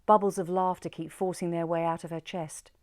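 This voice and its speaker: A woman host reading a short story aloud in a gentle, unhurried way. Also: on the low side, level tone. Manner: gentle, unhurried, soft sign-off.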